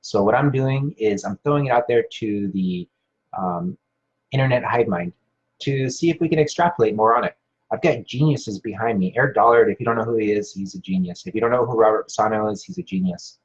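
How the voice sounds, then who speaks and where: A man's voice: on the low side, brisk. A man hosting a live stream, casually rambling with many fillers and restarts while reading viewer comments. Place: Hawaii. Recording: dull lo-fi sound.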